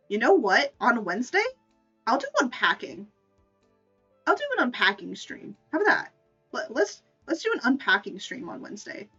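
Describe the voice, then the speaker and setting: A woman's voice: medium pitch, a bit bright. A woman streamer chatting casually with her viewers, giggling often and filling her talk with "like". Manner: giggly, full of "like" fillers. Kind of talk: casual livestream chat. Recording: distant dull mic with faint music.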